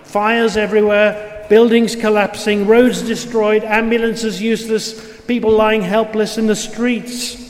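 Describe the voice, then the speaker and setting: A man voicing a giant, imposing male frog who speaks slowly, formally and courteously, in a room with a long echo. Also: high-pitched, little pitch movement. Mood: grave. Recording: roomy with long reverb, faint noise.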